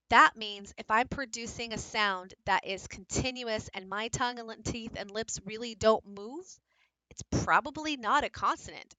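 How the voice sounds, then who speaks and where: Bright-voiced woman teaching phonics. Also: a little high, no room sound, poor audio. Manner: explanatory, practical, addresses teachers directly. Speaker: teacher presenting a book study. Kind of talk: recorded lecture presentation.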